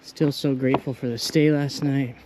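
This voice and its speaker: Hiking outdoors on a rural trail, a young thru-hiker talks into his handheld camera in a casual, rambling vlog, delighted by little things. His mid-range voice has fairly even intonation and a moderate pace, with background noise audible.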